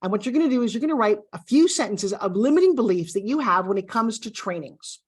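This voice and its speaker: A woman's voice: on the high side, animated, fast talker, a little mellow, breathy edge. A middle-aged woman teaching a video course, speaking in an upbeat coaching style straight to the viewer. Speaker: course instructor.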